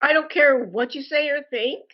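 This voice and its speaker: A frustrated woman delivering an indignant complaint monologue, speaking deliberately and calling her listeners "folks". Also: sits high, highs cut off. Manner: slow, deliberate and indignant, addresses viewers as "folks". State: frustrated and angry. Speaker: customer posting a complaint review.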